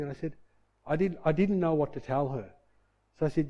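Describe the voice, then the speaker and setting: A man's voice: medium pitch, moderate pace, pauses often, warm tone, muffled recording. A middle-aged man sharing a personal faith testimony in an earnest, emotional way, with many fillers and reenacted quotes.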